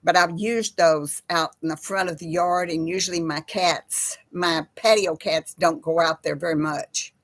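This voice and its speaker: An older woman chatting casually with live viewers in a slow, folksy way. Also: on the low side, fairly even intonation. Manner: slow folksy talk, baby voice to her pets. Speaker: host of a live chat with viewers. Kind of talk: casual live-stream chat reading viewer comments.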